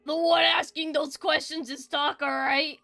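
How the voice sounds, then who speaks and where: A woman's voice: sits high, steady tone, unhurried, creaky, bright, forceful tone, soft background music. A woman streamer giving casual, giggly commentary on a game, swearing freely.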